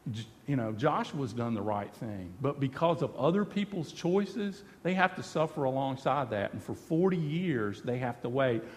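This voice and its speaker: A man's voice: mid-range voice, animated, normal speed, hardly any pauses. Preaching man in a reverberant hall. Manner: preaching with emphatic repetition, voicing God and the people. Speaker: pastor. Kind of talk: sermon.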